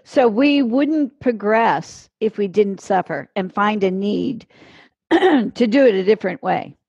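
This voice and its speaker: Slow-speaking woman hosting an interview. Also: medium pitch, expressive, gravelly, a little mellow, breathy edge, no echo, lo-fi sound. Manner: responsive, affirming. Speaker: interview host.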